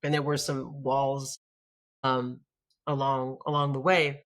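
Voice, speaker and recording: A woman rabbi from the United States, speaking as a guest in a conversational interview, reflective and full of restarts, growing animated when she tells a story. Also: extremely low pitch, takes it slowly.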